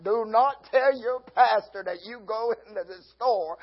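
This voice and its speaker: Male pastor mid-sermon, high husky voice, folksy, laughs often, acts out little scenes. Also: normal speed, hardly any pauses, dull audio.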